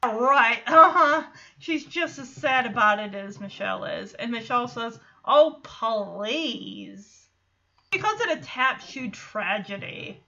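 Bright, chatty woman podcast host. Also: on the high side, moderate pace, muffled recording. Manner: chatty, animated, acts out quotes. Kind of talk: casual episode recap.

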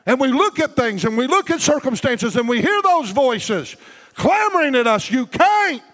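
A pastor delivers a fervent sermon in rhythmic bursts, calling for amens. His voice sits very high for a man. The sound rings with a long reverb from a large hall. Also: very animated, moderate pace, fairly bright tone. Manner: fervent, rhythmic, call-and-response preaching.

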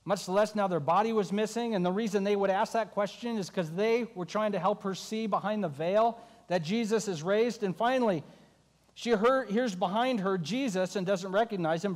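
High-voiced male pastor in an echoing hall. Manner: storytelling with wry asides. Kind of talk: sermon.

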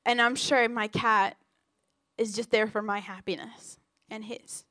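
A woman's voice: fairly high pitch, steady tone, unhurried, pushed and bright, no room sound, clean studio sound. A young woman giving a casual sermon at a church gathering, telling stories in a chatty, playful way with many fillers and jokes at her own expense. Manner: playful and self-joking. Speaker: youth speaker.

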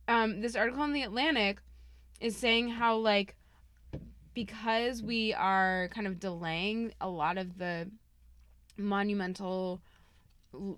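A woman's voice: medium pitch, fairly bright tone, clear, resonant tone, dry recording. A woman in her thirties co-hosting a podcast, telling a personal story casually with many fillers. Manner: chatty storytelling, lots of "like". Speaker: podcast co-host. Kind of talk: casual chat.

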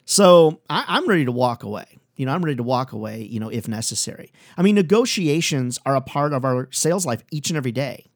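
A man hosting a sales training podcast, talking in an energetic, upbeat and conversational way. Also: mid-range voice, fast, hardly any pauses, no room sound, clean studio sound. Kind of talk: solo podcast talk.

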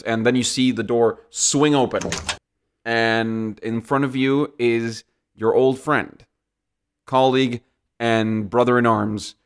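A man as game master narrating a tabletop game, halting with lots of restarts. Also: mid-range voice, fairly bright tone. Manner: halting, many restarts and fillers.

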